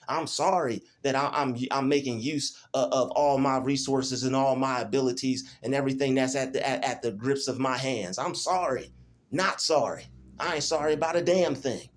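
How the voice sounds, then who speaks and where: A man, filming a defiant, preachy rant in a small room, repeating his phrases over and over. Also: fairly high pitch. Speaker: vlogger. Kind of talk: emotional self-filmed rant. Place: small rented room indoors.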